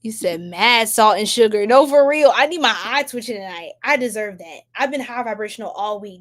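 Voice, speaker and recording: A woman's voice: a little high, normal speed, few pauses. Chatty slangy young woman from New York. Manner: chatty, slangy, animated, laughs often. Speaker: tarot reader livestream host. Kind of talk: casual livestream chat.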